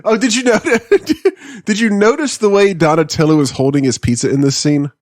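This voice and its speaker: A man's voice: sits high, normal speed, dry recording, studio quality. A man co-hosting a podcast, chatting casually and laughing often as he points out small details. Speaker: podcast co-host. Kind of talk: casual chat.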